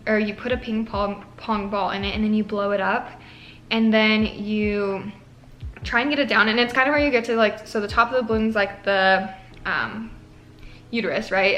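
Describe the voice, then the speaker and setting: A woman's voice: a little high, fairly bright tone. A young woman, a nursing student, chatting casually to camera with lots of filler likes and an emotional, earnest manner. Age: young adult. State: tearful at moments.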